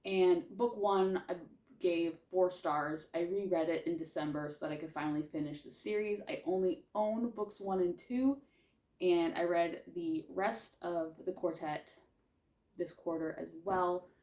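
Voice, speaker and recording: A woman's voice: on the low side, steady tone, measured pace, dark tone, roomy sound. A woman book vlogger chatting casually through a reading wrap-up, with a slight lisp and a rambling manner full of fillers. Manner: chatty, rambling, lots of likes and ums.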